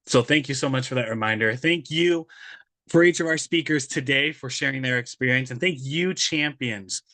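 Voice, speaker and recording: A male host wraps up an online training with earnest thanks to the speakers and audience. His voice is mid-pitched, and the recording is dry and close. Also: normal speed, sharp tone, no echo. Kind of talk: closing remarks.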